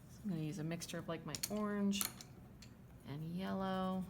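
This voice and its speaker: Gravelly-voiced woman art teacher. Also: mid-range voice, fairly even intonation, normal speed, noisy background. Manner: chatty, checks in with "okay?" and "right?". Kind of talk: drawing demonstration lesson.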